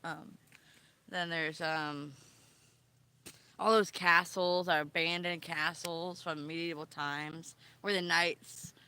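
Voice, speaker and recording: A woman chatting casually on a vlog, meandering and pausing often with ums and trailing sentences. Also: fairly low pitch, little pitch movement, bright, forceful tone, smooth. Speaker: vlogger. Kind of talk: rambling casual chat.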